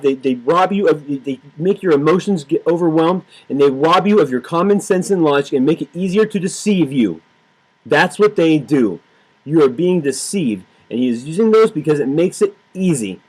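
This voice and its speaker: A man's voice: fairly high pitch, a little mellow, breathy edge, low-quality recording. A man giving heated, sarcastic political commentary, repeating himself and swearing freely. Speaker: political vlogger. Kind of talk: ranting political commentary to camera.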